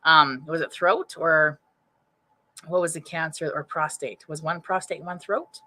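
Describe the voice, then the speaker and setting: Streaming a psychic reading, this medium speaks in a slightly low but bright, forceful voice, unhurried and with fairly even intonation. She's chatty and informal, rambling and restarting as she thinks aloud into a webcam or computer mic.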